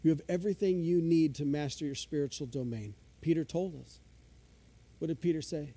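A man's voice: on the high side, brisk, warm tone, breathy edge. A male pastor preaching a sermon in a conversational, self-deprecating way, eagerly unpacking the original Greek words of scripture.

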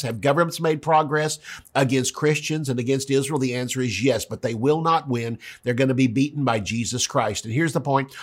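A middle-aged man preaching a sermon as pastor, with emphatic delivery that jumps high when he acts out quotes. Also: a bit bright. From United States.

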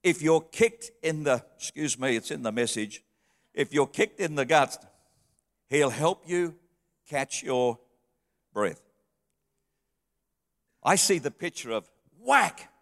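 A middle-aged man preaching a sermon, telling heartfelt stories and shifting from soft, quiet passages to lifted, emotional ones. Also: fairly high pitch, animated, takes it slowly, gravelly, pauses often. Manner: heartfelt storytelling, dropping soft then rising. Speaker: pastor. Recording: long reverb of a hall.

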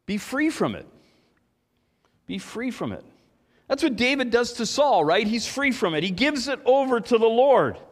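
High-voiced preacher in a reverberant hall. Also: male voice, very animated, moderate pace. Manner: storytelling, emphatic, rises and drops in volume. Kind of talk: sermon.

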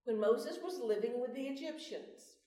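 A woman leads a Bible study with a folksy devotional talk, asking her group questions. Her high voice is warm and moves at a normal speed, and the meeting-room recording sounds roomy because she is far from the mic.

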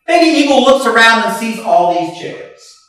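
A male pastor telling a folksy parable in a sermon, lively and conversational with frequent restarts. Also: extremely high pitch, normal speed. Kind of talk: sermon storytelling. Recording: echoey hall from far off, faint music.

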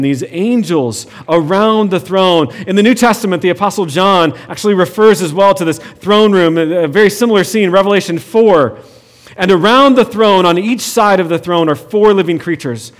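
High-voiced male pastor preaching. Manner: conversational preaching with frequent restarts and light humor. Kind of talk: sermon.

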